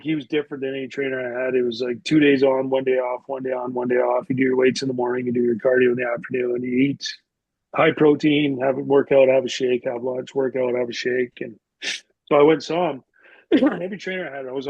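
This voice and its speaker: A man's voice: medium pitch, fairly even intonation, fairly quick, darkish tone, breathy edge, dry recording, dull audio. A middle-aged man from Canada, a retired hockey player, telling rambling stories as a podcast guest, full of "like" and restarts. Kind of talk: casual storytelling interview.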